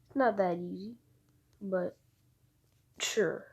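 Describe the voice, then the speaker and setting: A laid-back cartoon ninja teacher, dry and offhand with his students, put on by a woman narrating. The delivery is slow and husky, barely set apart from her own voice. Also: mid-range voice.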